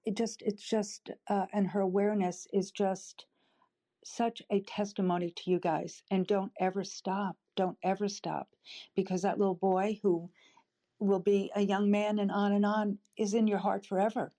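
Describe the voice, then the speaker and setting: An older woman in an audience, sharing tearfully and haltingly from the heart. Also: mid-range voice, little pitch movement. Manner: emotional, halting, warm-hearted. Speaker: audience member speaking up. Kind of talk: emotional personal sharing.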